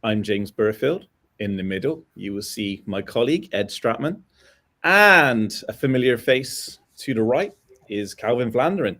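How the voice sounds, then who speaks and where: A man hosting a live motocross talk show, relaxed and chatty with plenty of "um" and "uh" fillers. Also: mid-range voice, measured pace. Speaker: host.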